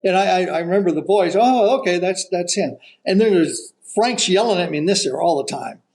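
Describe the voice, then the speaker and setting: An older man, a golf broadcaster guesting on a podcast, telling an animated story and acting out the voices of the people in it. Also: sits high, brisk, vocal fry, rough recording. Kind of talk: storytelling anecdote.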